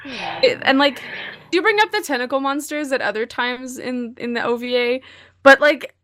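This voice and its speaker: A woman's voice: high voice, moderate pace, fairly bright tone. A woman co-hosting a podcast in casual chat, blunt and sweary, laughing often. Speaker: podcast co-host.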